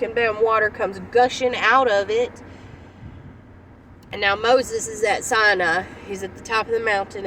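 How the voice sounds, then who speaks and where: A woman evangelist retells scripture in a loose, chatty way, backtracking and adding asides as she goes. Her voice sits fairly high, and she is recorded outdoors, some way from the mic, with faint noise behind her. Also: fairly bright tone, recorded from a distance, rough recording. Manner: conversational, with restarts and asides. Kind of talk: casual retelling of a Bible story.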